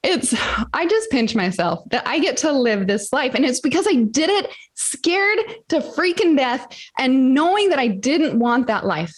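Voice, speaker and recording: Middle-aged woman, high voice, energetic podcast guest who acts out her anecdotes. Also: a little slow. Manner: energetic storyteller, acts out dialogue. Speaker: interview guest, entrepreneur. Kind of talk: casual podcast interview.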